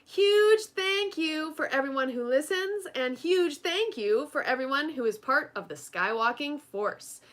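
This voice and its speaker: Upbeat, bright-voiced woman podcast co-host. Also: sits high, unhurried, hardly any pauses. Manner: upbeat, lively promotional delivery. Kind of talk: casual podcast outro and sponsor reads.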